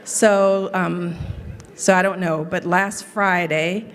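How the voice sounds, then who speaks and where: Middle-aged woman, low voice, humorous tribute speech, dry storytelling, long hall reverb. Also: fairly even intonation, slow. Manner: storytelling with dry running jokes. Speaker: colleague giving a tribute speech.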